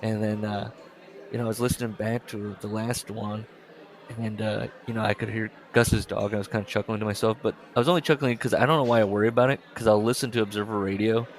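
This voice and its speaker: A man's voice: on the low side, steady tone, fast talker. A man co-hosting a podcast, telling a rambling story in casual chat, full of fillers and restarts. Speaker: podcast co-host.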